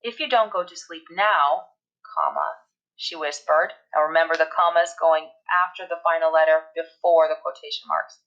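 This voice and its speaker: Low-voiced woman teaching a grammar lesson. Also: lively intonation, highs cut off. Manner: explains step by step, reads examples aloud slowly. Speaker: English teacher.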